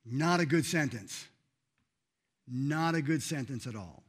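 A man preaching a sermon in a church, earnest and emphatic, rising loud then dropping soft. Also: a little high, expressive, unhurried, husky. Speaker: pastor.

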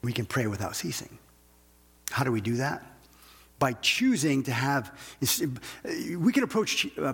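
Husky-voiced man preaching a sermon. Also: medium pitch, big-room sound. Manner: conversational preaching with frequent restarts and "okay?" checks. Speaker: pastor.

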